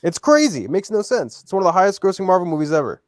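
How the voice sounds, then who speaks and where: A man's voice: high voice, sing-song, very fast, no echo. A man co-hosting a live movie-watch stream, trading film trivia with dry, sarcastic remarks. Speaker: stream co-host. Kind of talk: casual chat.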